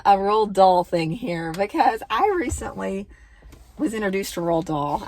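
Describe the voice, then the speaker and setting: Woman, thirties, chatty book vlogger, gushing, filler-heavy talk, mid-pitched voice. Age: 30s. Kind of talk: casual book review chat.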